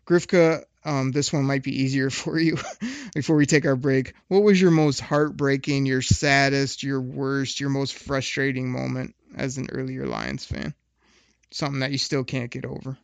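A man's voice: medium pitch, normal speed, creaky, no room sound. A man hosting a podcast, asking long, laid-back questions in casual conversation. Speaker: podcast host.

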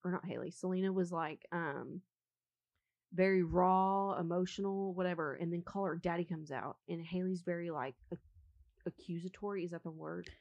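A young woman co-hosting a casual gossip chat, animated, empathetic and slangy. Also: fairly low pitch, moderate pace, no room sound. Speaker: podcast co-host. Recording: slightly dull lo-fi sound.

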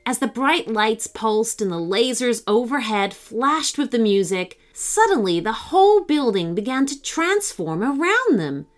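A woman narrating a children's story in scripted storybook style, lifting her voice for the excited girls. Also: a little slow, hardly any pauses. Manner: expressive, voices the girls with higher excited pitch.

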